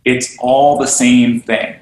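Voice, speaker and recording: A man's voice: mid-range voice, level tone, slow. A man being interviewed on a podcast, talking earnestly and animatedly about teaching and belonging, often acting out the voices of the people he quotes. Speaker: guest, yoga studio owner and teacher trainer. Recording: roomy echo.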